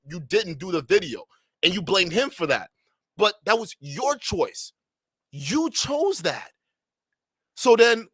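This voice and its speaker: A man's voice: high voice, dry recording. Guy cracking up at a clip, talks in aave, voice jumps all over, dry sound. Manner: laughing, mocking, loud outbursts. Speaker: reaction streamer. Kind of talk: mocking reaction commentary.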